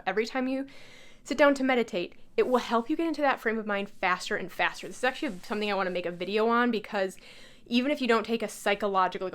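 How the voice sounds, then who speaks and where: A young woman talks casually through her tarot desk in an easygoing vlog. Her voice sits in a middle pitch, and she chats with enthusiasm, pausing on fillers and restarting her sentences as she goes. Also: a bit bright. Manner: chatty and enthusiastic, with frequent fillers and self-corrections. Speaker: tarot reader and channel host. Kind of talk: casual show-and-tell vlog.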